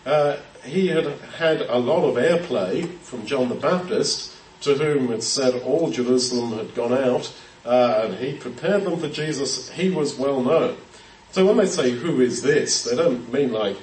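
A man's voice: mid-range voice, unhurried, a little mellow. Man preaching in a roomy hall. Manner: conversational, thinking aloud with many fillers and restarts. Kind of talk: Bible teaching sermon. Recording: roomy sound from a distance.

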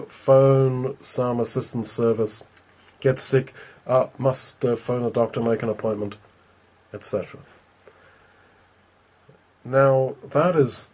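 A man preaching a sermon on a scripture passage. He speaks in a thoughtful, halting way, often repeating words as he searches for how to say things. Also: medium pitch, a little mellow, breathy edge, poor audio.

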